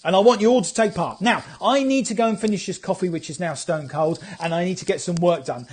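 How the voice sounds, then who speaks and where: A chatty, light-hearted man talks straight into a phone camera on a live stream. His voice sits high for a man. He banters with his viewers and reads their comments aloud. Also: quick pace. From England. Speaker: photographer hosting a live stream. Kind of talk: casual live-stream chat.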